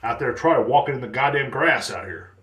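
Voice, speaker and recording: A man's voice: medium pitch, expressive, brisk, a bit bright. Swearing, rambling man in a roomy echo. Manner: profane, rambling, heavy fillers. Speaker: podcast host streaming to chat. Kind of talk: casual ranting monologue.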